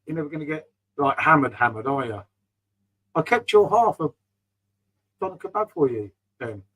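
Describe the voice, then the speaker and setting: A middle-aged man talks loosely and chattily, drifting from topic to topic. His voice sits a little higher than most men's, and he keeps calling his listeners mate. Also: big pitch swings, moderate pace, a bit bright, slightly rough, low-quality recording. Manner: rambling, chatty, calls viewers mate. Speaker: beer vlogger reading live chat. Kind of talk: casual live-stream chat.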